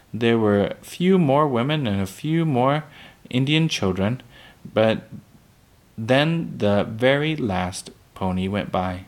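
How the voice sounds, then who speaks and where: A man reading a children's book aloud, unhurried, with small slips that he corrects. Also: mid-range voice.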